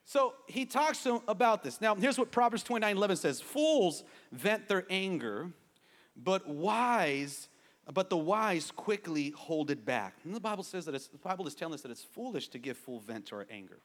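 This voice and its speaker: A man preaching a sermon to his congregation, playful and animated, urging them to answer back with amens. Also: high-pitched, moderate pace. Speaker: pastor. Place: church sanctuary with a congregation. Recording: long reverb of a large hall.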